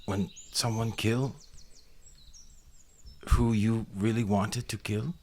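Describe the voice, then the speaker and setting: A man's voice: on the low side, level tone, takes it slowly, darkish tone, slight background noise. A man doing a weeping runty goblin. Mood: grieving. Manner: sobbing, croaking broken speech. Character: weeping runty male goblin, broken and blunt.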